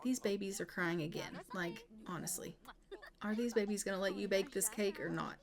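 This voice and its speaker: A woman's voice: mid-range voice, normal speed, gravelly. A woman casually narrating her life-sim gameplay, chatty, with wry asides and frequent laughs. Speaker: let's play narrator.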